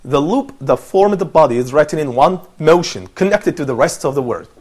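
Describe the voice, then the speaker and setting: A man's voice: a little high, animated, moderate pace, a little mellow, breathy edge. A man presenting a TV lesson, patiently explaining letters step by step and repeating sounds for others to copy. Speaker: TV presenter and Arabic teacher. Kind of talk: teaching pronunciation on a TV panel.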